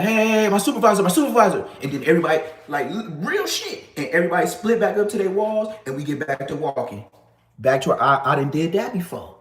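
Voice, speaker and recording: Man, 30s, casual storyteller, lively delivery, echoey room. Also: a little high. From Los Angeles area. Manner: animated, acts out other people's lines.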